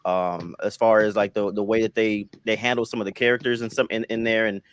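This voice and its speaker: A man on a casual podcast panel, explaining his film rankings in a halting way, repeating words and leaning on fillers. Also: on the low side, little pitch movement, smooth.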